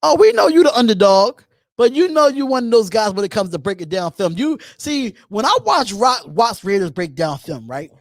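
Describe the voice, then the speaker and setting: A man's voice: high-pitched, big pitch swings, moderate pace, few pauses, no echo. A man from Philadelphia hosting a live call-in sports show, chatting loosely and animatedly, repeating himself as he reads and answers viewer comments. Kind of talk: casual live-stream chat.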